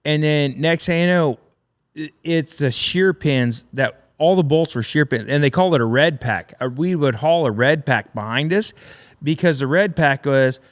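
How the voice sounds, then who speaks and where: A man's voice: fairly high pitch, normal speed. A middle-aged man, a welder and military veteran, telling rambling, profane war stories with frequent laughs as a podcast guest. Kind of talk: casual storytelling.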